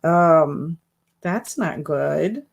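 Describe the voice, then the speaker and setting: A woman hosts a casual live stream from her home office. Her voice sits a little low, and she talks in a relaxed, chatty way while she answers viewer comments one after another. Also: drawn-out words, gravelly. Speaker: booktube live stream host.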